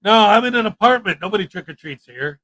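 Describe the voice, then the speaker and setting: A young man hosts a relaxed livestream chat. He tells his stories in an animated way and slips into the voices of the people he quotes. His voice is high and bright. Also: quick pace. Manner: animated storytelling, acts out quotes. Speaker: livestream host. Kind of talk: casual chat.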